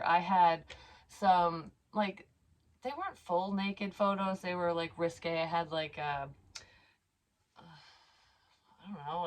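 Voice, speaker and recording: Blunt, profane woman telling a rambling story. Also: low-pitched. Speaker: psychic medium vlogger. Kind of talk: casual personal storytelling.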